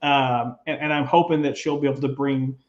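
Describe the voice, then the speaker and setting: A man co-hosting a podcast in relaxed casual chat, often agreeing and using fillers. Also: medium pitch, fairly quick, reverberant, dull audio. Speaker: podcast co-host.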